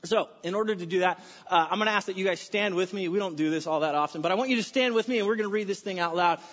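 An American man preaching a sermon as pastor, energetic and conversational, with folksy asides. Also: sits high, rapid-fire. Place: church sanctuary. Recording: dull sound with long hall reverb.

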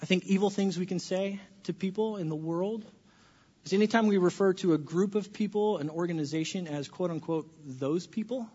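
A high-pitched male pastor preaches in a church sanctuary, dropping to soft, earnest tones and then rising into loud, joking bursts. The recording sounds dull and lo-fi. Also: moderate pace, slightly rough. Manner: dynamic preacher, swings from hushed to loud and playful. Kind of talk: sermon.

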